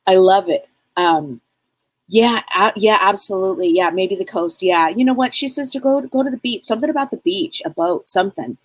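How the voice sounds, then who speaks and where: A woman's voice: medium pitch, normal speed, poor audio. A woman hosting a live psychic stream, chatting casually and rambling, greeting viewers by name.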